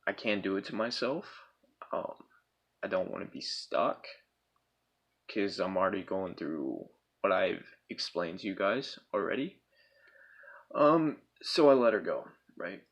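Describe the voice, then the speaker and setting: A man's voice: deep voice, animated, measured pace, pauses often, breathy edge. Rambling, foul-mouthed young man. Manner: profane, rambling, checks in with 'right?' and 'bro'. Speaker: storyteller. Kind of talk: casual storytime.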